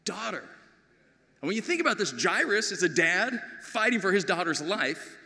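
A middle-aged man preaching a sermon as pastor, with animated storytelling that swings from loud to hushed. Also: high-pitched, fairly quick. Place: large church sanctuary. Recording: long hall reverb.

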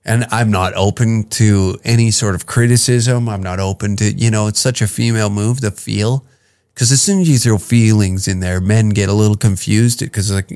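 A man's voice: fairly low pitch, normal speed, a little mellow. A male podcast host ranting comedically in a crude, profane, self-mocking way. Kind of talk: comedic rant.

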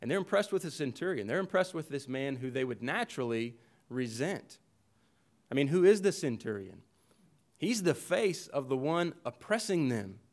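Guy preaching a sermon, mid pitch, earnest, repeats lines for emphasis, stumbles and restarts a lot. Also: big pitch swings, moderate pace. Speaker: pastor.

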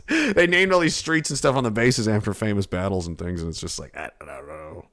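A man's voice: lowish voice, normal speed, hardly any pauses. A young man, from Canada, chatting casually to his chat with profane jokes and rambling stories. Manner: profane, joking, animated storytelling with shouted bits. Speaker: streamer reading chat.

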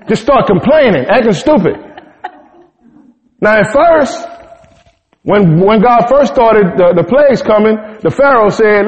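A man preaching a sermon, retelling the story in a humorous, slangy, animated way. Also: high voice, unhurried, pauses often. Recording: dull sound in a reverberant hall.

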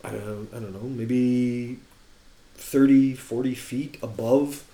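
Animated male storyteller, casual and laughing, in an echoey room. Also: medium pitch, slow. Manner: animated, laughing anecdotes with many restarts. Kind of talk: casual baseball chat.

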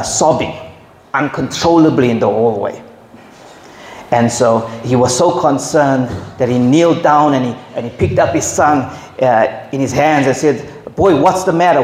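A man preaching a sermon, slow and emphatic, who jumps high when he acts out quotes. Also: a little mellow. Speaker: pastor. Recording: echoey hall, faint ambience.

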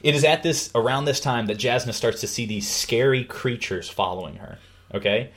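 A man with a medium-pitched voice speaking at normal speed hosts a casual talk in which he explains a book. He eagerly retells its plot as an animated storyteller, acting out the characters with yelps and laughs.

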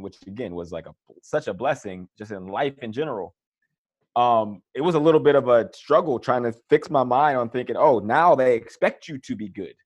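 A man, a former pro football player, casually telling his career story in an interview, acting out the voices he quotes. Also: mid-range voice. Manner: relaxed, animated retelling with quoted voices. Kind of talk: conversational storytelling.

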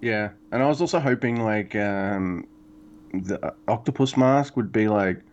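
A man co-hosting a podcast in casual chat, excitable and rambling, cursing often. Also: lowish voice, measured pace, dull audio. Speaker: podcast co-host.

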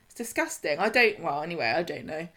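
A woman's voice: low-pitched, expressive, fast talker, bright, forceful tone. Chatty, sarcastic woman. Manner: sarcastic, chatty, laughing asides. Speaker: podcast co-host. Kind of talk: casual chat recapping a soap.

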